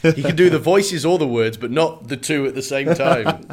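A man's voice: a little high, moderate pace. A man co-hosting a podcast who teases his partner with dry banter. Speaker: podcast co-host. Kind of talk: casual chat.

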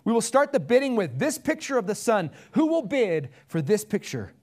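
A man's voice: high voice, sing-song, moderate pace, pitched above the performer's own voice. A man voicing an insistent male auctioneer who keeps calling for bids in a raised, pressing voice. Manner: loud, pressing.

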